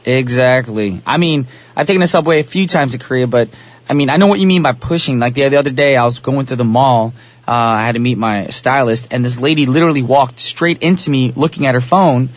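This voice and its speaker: A man's voice: medium pitch, a little fast. A man from New Jersey hosting a casual radio show in an upbeat, slangy, talkative way, speaking into a studio microphone.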